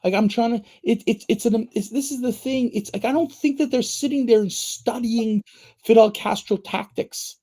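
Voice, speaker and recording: A man's voice: very high-pitched, moderate pace. A man co-hosting a political talk show, delivering heated commentary with lots of repeated words and stammers. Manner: animated, repeats words and stammers when fired up. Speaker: podcast co-host.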